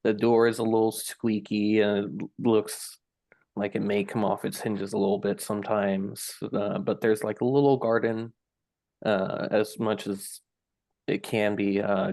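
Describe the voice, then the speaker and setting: Gravelly, slow-talking male player. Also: fairly low pitch, little pitch movement, dry recording. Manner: soft-spoken, describing his character's actions. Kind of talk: playing a tabletop game.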